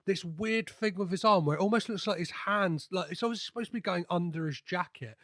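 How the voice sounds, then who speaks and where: Rambling podcast host, higher man's voice. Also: a little fast, fairly bright tone. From half Greek. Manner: rambling, many fillers and restarts. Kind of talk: casual interview chat.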